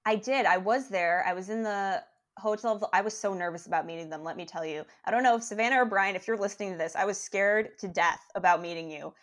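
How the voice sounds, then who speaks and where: A young woman telling a long personal story as a guest, animated and rambling, with lots of restarts. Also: medium pitch, quick pace. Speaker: podcast guest. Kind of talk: casual storytelling.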